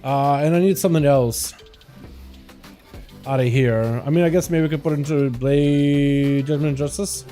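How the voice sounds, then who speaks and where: A man on a livestream gives laid-back commentary on his gameplay and says hello to viewers by name. His voice is on the high side and mellow, with a steady tone and moderate pace, over soft background music.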